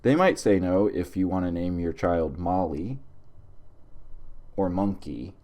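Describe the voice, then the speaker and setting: Give me a deep, dark-toned man co-hosting a comedy podcast, reading out facts in a dry way. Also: unhurried. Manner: dry storytelling, reading out list items. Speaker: podcast co-host. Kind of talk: casual comedy podcast chat.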